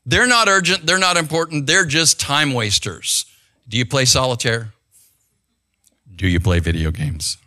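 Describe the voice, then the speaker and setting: An older pastor with a high-ish, sharp-toned voice preaches a sermon conversationally, checking in with the congregation as he goes.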